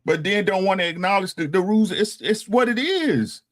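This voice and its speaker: Older guy in his 60s, kinda high voice, blunt and cussing, keeps going "right?". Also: lively intonation, normal speed. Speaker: podcast co-host. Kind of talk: casual opinion talk.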